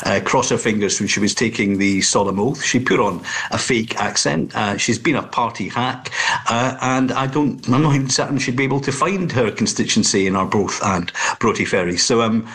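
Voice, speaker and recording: A Scottish man with a husky, slightly rough voice answers as a talk show guest. He sounds disparaging and halting, stumbling over restarts as he goes. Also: lowish voice, fairly bright tone. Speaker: politician guest. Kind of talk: remote talk show interview.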